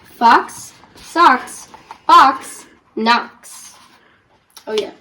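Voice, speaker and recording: A woman's voice: sits high, very slow, sharp tone, poor audio. A woman reading a children's rhyming book aloud as a guest reader, playfully joking about stumbling over the tongue twisters.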